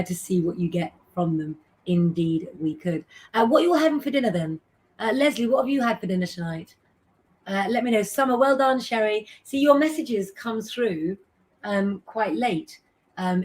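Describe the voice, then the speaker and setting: A middle-aged woman with a mid-range voice hosts a relaxed live stream. She chats while reading out viewers' names and messages and offering tarot advice.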